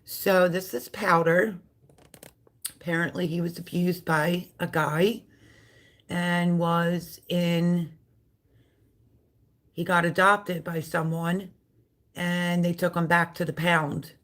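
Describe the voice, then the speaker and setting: A middle-aged woman chats away on a casual live stream, rambling from one story to the next. Her voice sits a little low for a woman. Now and then she breaks off to coo softly at the dogs around her. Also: little pitch movement, slow, long pauses. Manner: chatty, rambling, coos baby talk at the dogs.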